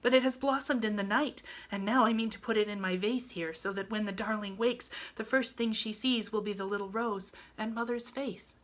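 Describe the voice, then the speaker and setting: A woman voicing a gentle young woman, speaking softly and tenderly. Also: normal speed, hardly any pauses, natural voice. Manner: soft and tender, a little higher.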